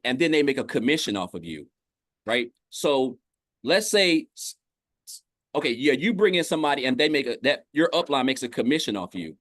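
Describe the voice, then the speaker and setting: A man's voice: a little high, fairly bright tone, no echo, studio quality. A man from Tennessee, speaking as a guest on a livestream video call in an upbeat, casual testimonial style. He keeps saying "guys" and often restarts his phrases. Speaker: guest on an online business livestream.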